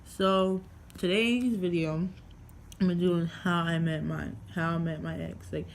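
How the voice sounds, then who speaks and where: A woman's voice: lowish voice, fairly even intonation, slow pace, a little hiss or hum. A young woman from New York vlogging casually at home, rambling through a story with lots of fillers and swearing.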